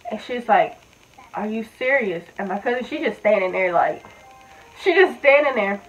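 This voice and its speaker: A woman's voice: mid-range voice, animated, moderate pace, faint music behind. A woman in her twenties casually telling a personal story, candid and blunt, full of fillers and swearing. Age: 20s. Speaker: vlogger. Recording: tinny, phone-like audio.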